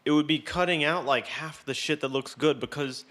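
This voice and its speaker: A man's voice: on the high side, moderate pace, fairly bright tone. Rambling, cursing podcast man. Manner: rambling, profane, wry. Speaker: podcast host. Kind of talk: casual chat.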